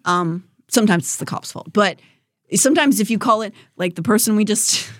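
A woman's voice: medium pitch, brisk, no echo, clean studio sound. A woman hosting a podcast, talking frankly and casually, sometimes swearing. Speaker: podcast host.

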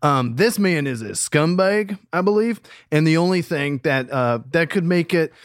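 A man's voice: on the high side, expressive, moderate pace, dry recording, studio quality. A man from Ohio co-hosting a podcast, making disgusted, incredulous political remarks. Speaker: podcast co-host. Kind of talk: casual political commentary.

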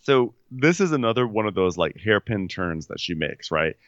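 A man's voice: lowish voice, very animated, normal speed, dry recording, highs cut off. A man co-hosting a comedy podcast, retelling reality-show moments in casual, exasperated, incredulous chat. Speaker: podcast co-host.

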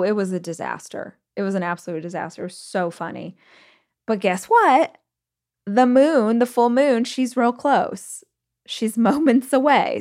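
Chatty candid woman podcast host. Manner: chatty, candid, animated storytelling with big pitch swings. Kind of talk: casual solo podcast talk.

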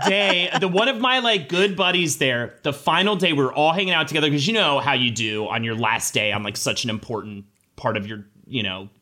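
A man co-hosting a casual gossip podcast, telling animated, sweary anecdotes. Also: medium pitch, fairly quick, hardly any pauses. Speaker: podcast co-host.

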